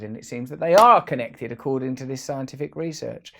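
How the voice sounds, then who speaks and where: A man's voice: medium pitch, expressive, normal speed, vocal fry, bright, forceful tone. A man hosting a casual, rambling vlog, full of playful jokey asides. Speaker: host.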